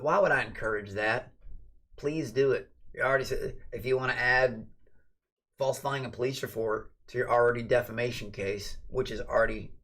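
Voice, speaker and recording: A man hosting a casual late-night livestream chat, talking bluntly and rambling, with plenty of swearing. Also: medium pitch. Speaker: livestream host.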